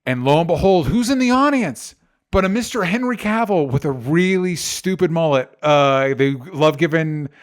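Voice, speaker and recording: A man's voice: on the high side, animated, moderate pace. A man co-hosting a casual chat show, ranting animatedly with exasperation and swearing. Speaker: podcast co-host.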